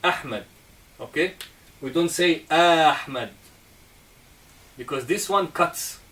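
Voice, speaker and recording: A man's voice: on the high side, sharp tone. Patient male teacher, off-mic. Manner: slow and patient, checking understanding with "okay?" and "right?". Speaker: Arabic teacher. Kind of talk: classroom lesson on Arabic letters. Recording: distant mic, faint room noise.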